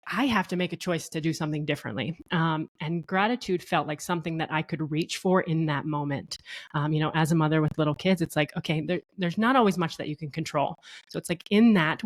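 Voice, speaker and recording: A woman in her thirties tells her story as a podcast guest, her voice sitting a little low for a woman. She is animated, laughs easily and slips into quoting what was said at home. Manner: animated, laughs often, acts out quotes. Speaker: guest, co-founder. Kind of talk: conversational interview storytelling.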